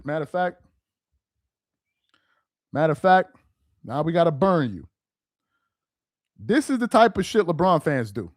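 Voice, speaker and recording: Worked-up guy going off about basketball fans, high voice jumping all over, dead dry room, aave slang. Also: sing-song, a little slow, long pauses, no room sound. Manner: heated, mocking, repetitive rhetorical questions. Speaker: sports commentary host. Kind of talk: casual ranting commentary.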